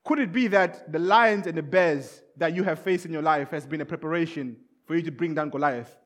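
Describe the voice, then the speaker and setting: A preacher with a notably high-pitched voice delivers an emphatic sermon. He repeats his key points and often slips into acted-out scenes. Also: brisk. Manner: repetitive, emphatic, acts out scenes.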